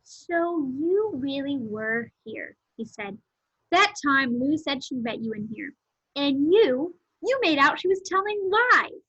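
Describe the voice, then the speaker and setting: A woman's voice: on the high side, expressive, normal speed, sharp tone, breathy edge, dry recording, heavily acted. A woman reading the part of a stern, indignant boy, the eldest brother, in a storybook read-aloud. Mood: accusing. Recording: dull lo-fi home recording.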